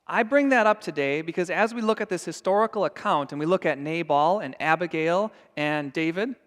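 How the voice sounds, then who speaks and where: A man's voice: on the high side, a bit bright, big-room sound. A man preaching a sermon as pastor, earnest and emphatic. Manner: earnest and emphatic, acting out scenes. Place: church sanctuary.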